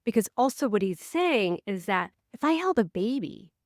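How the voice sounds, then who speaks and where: Animated woman podcast host. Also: normal speed, no room sound, clean studio sound. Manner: animated storyteller, acts out quotes with big pitch swings. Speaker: podcast co-host and life coach. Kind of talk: casual podcast chat.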